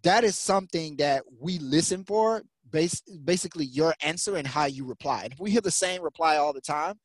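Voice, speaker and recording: A man's voice: on the high side, animated, brisk, no echo. Dry-sounding man musing on a podcast. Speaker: podcast guest. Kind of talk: casual podcast chat.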